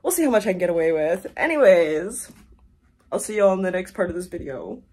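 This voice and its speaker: A woman's voice: lowish voice, animated, fairly quick, mellow, slightly rough, rough recording. A young woman from Canada, a musician talking casually to her vlog camera, chatty and self-mocking. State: rough throat. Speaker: musician vlogger.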